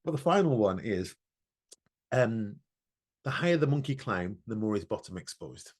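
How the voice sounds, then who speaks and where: A man's voice: fairly low pitch, sing-song, moderate pace, a little mellow. Earnest man telling a story. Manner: earnest, reflective storytelling with many restarts. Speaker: podcast co-host. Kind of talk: emotional casual chat.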